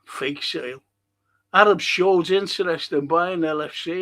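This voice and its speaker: A man's voice: fairly high pitch, fairly bright tone. A man hosting a livestream podcast, reading out chat comments and ranting heatedly with constant swearing and rhetorical questions. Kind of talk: profane livestream rant.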